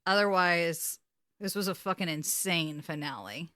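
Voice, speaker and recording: A woman talks through a TV episode in casual podcast chat. She swears freely and gets emotional as she retells scenes. Her voice is bright and forceful, and the recording is dry and close. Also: fairly low pitch, a little slow, no room sound. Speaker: podcast co-host.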